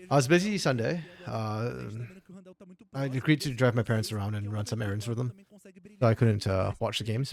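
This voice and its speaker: A man co-streaming an esports match, talking in a chatty, laid-back way and answering chat. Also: mid-range voice. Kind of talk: casual live-stream commentary.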